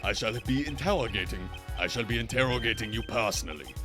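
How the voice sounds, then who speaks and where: A man's voice: fairly low pitch, expressive, quick pace, natural voice. A man voicing a stern, furious older male prosecutor with a put-on German accent, barking scornful commands over game music.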